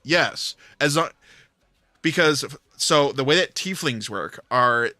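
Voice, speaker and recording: A man's voice: on the high side, animated, takes it slowly, sharp tone, dry recording. A man hosting a livestream, telling a rambling story in casual chat with plenty of filler words. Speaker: livestream host.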